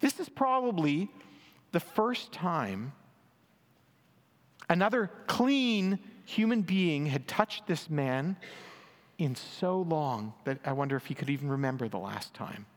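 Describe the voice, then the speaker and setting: A man preaches slowly and expressively in a voice on the high side, reading scripture and explaining it with earnest emphasis. He lifts his voice for quoted lines, and the space has long hall reverb.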